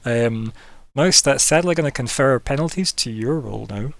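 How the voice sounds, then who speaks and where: A man's voice: medium pitch, moderate pace, gravelly, fairly bright tone, no echo. A man running a tabletop game as game master, in casual talk, laughing often and asking the players what they do.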